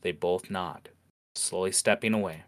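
Low-voiced man telling a fantasy tale. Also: unhurried. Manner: relaxed, with fillers. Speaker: storyteller. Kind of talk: narrating a fantasy scene.

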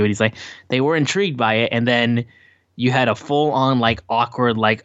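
A man co-hosting a wrestling podcast, chatting casually and rambling with lots of fillers, acting out quotes in higher voices. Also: fairly even intonation, moderate pace, a bit bright, no room sound, lo-fi sound. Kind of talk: casual show recap chat. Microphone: his own mic acting up.

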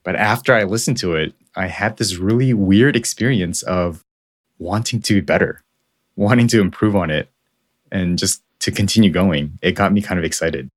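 Low-voiced laid-back male podcast co-host. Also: normal speed. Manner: relaxed, self-deprecating, storytelling. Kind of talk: casual podcast chat.

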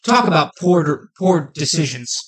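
A man co-hosting a casual fan podcast, talking with excited, animated energy. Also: a little high, measured pace. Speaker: podcast co-host. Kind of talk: casual chat.

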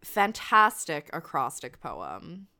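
A woman's voice: low voice, wildly swooping pitch, slow pace, vocal fry, sharp tone. A woman co-hosting a casual chat show, bubbly and laughing often as she talks. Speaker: podcast co-host. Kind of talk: casual chat about figure skating.

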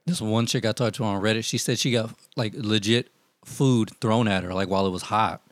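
Fast-talking man telling profane stories. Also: lowish voice, dry recording. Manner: profane, animated storytelling, acts out quotes. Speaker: storyteller among friends. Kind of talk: casual chat, telling stories.

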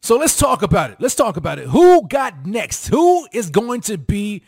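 Energetic male sports show host with a high-pitched voice, talks straight to the fans and repeats lines for punch. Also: normal speed, gravelly, husky. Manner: hyped, repetitive, sing-song emphasis, calls out to audience. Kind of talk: fired-up sports commentary to fans.

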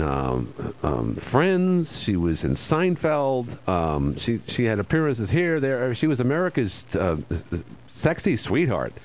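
A middle-aged man hosting a talk radio show, rambling casually with many fillers and restarts. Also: mid-range voice.

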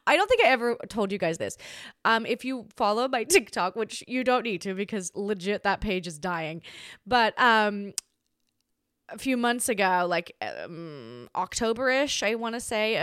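A young woman talks through a story on her podcast in a loose, chatty way, stacking up "like"s and restarting her sentences. Her voice is smooth and clear, and it is recorded close and dry with no room sound around it. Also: no room sound. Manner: chatty and animated, acts out quoted voices with big pitch jumps; filler-heavy, many "like"s and restarts. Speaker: podcast host. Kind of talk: casual storytelling monologue.

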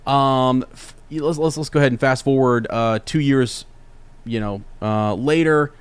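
A young man hosting a podcast, telling a casual story in an animated, rambling way with many restarts. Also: mid-range voice, measured pace, smooth, no room sound. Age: young adult. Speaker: podcast host.

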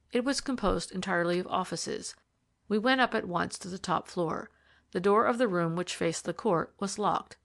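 A woman narrating a period detective story in a steady, measured reading style. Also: mid-range voice. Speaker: audiobook reader. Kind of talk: scripted narration.

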